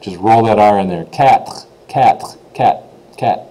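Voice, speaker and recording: A man with English as his first language, giving an informal French pronunciation lesson, chatty, repeating words slowly and checking in with "okay?". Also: on the low side, mellow, poor audio. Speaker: French teacher.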